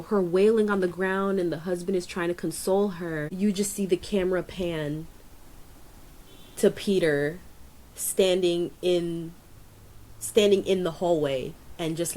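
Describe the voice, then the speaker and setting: A woman co-hosting a podcast in casual chat, rambling with many fillers and jumping up in pitch to stress a point. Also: a little mellow. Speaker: podcast co-host.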